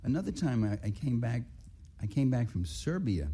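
A man's voice: medium pitch, very animated, normal speed, mellow, breathy edge. A man, a writer giving a public talk, telling rambling and indignant anecdotes full of restarts and asides. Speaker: writer and activist speaker.

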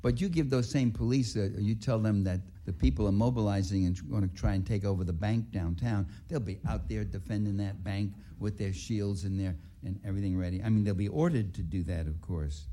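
A man's voice: lowish voice, a little fast, hardly any pauses, warm tone. A man, a writer giving a public talk, telling rambling and indignant anecdotes full of restarts and asides. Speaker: writer and activist speaker.

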